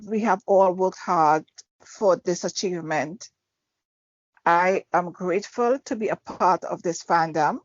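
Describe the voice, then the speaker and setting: A woman's voice: on the low side, unhurried, no echo. A woman co-hosting a fan podcast, talking earnestly and laughing often. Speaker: podcast co-host. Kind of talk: casual fan podcast chat. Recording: dull lo-fi dry recording.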